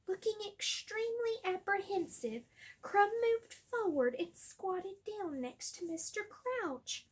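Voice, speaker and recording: A woman reading a novel aloud, with measured, expressive narration. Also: very high-pitched. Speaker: reader. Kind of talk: audiobook reading.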